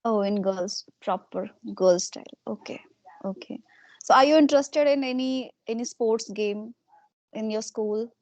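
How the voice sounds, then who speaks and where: Higher-voiced woman interviewer. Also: unhurried, dry recording. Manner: soft repeated acknowledgements. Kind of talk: casual interview.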